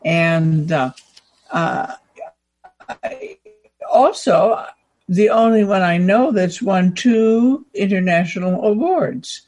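A woman's voice: medium pitch, slow, pauses often, a little mellow. A woman who is a guest on a community radio show, talking with hesitation and a laugh.

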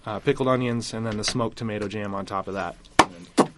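A man, a chef guest on a radio show, calmly explaining how a dish is made, with plenty of fillers. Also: on the low side, very noisy. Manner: unhurried, walks through steps with fillers. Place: radio studio.

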